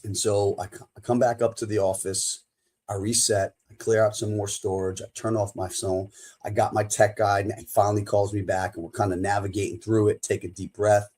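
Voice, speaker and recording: A man's voice: on the low side, little pitch movement, fairly quick, darkish tone. A middle-aged man hosting a solo motivational podcast as a coach, emphatic and repeating his key phrases.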